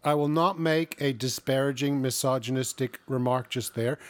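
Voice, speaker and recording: A man's voice: medium pitch, moderate pace. A man co-hosting a casual political chat, bantering in a wry, sarcastic way. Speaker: podcast co-host.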